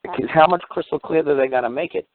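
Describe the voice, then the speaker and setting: A man's voice: a little high, fast, dry recording. A man on a call-in show, launching into a heated, profane rant full of rhetorical questions. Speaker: guest speaker on a call-in show. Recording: dry tinny phone line.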